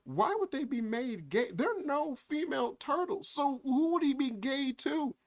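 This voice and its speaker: A man's voice: extremely high pitch, lively intonation, normal speed. A man doing reaction commentary on a video, mocking, swearing and often breaking into laughter. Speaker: YouTube commentator.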